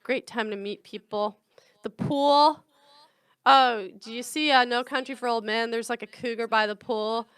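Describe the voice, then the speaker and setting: Frank, chatty woman with a bright voice. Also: on the high side, fairly even intonation, unhurried, smooth, no echo. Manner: frank and chatty, laughs often. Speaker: podcast host. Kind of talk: casual comedic monologue.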